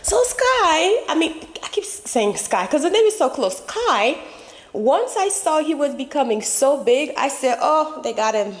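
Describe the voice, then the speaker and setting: A woman's voice: high voice, sing-song, measured pace, long reverb tail. A woman hosting her channel, talking casually and emphatically in a rambling way while she is losing her voice. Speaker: channel host. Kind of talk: casual commentary.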